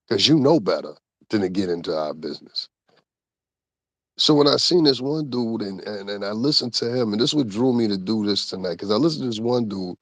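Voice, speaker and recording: A man's voice: on the low side, no room sound. A man giving a heated, profane, casual commentary rant with laughing asides. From Connecticut, USA. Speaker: commentary host.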